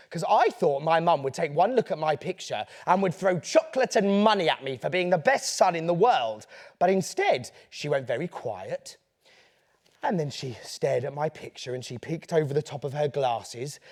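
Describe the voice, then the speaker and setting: A man tells a story to children in a playful, theatrical way. His voice sits high and swoops all over the place, with a gravelly edge. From England. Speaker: children's author. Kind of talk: storytelling to a young audience.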